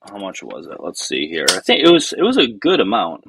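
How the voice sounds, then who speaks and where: A man's voice: on the low side, huge pitch swings, brisk, gravelly, noisy background. A man hosting a casual political livestream, sarcastic and mocking as he talks to his chat. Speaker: livestream host.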